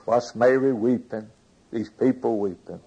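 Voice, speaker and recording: Man, preacher, husky voice, sermon, reads scripture and asks the congregation questions. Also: medium pitch, measured pace, dark tone, lo-fi sound.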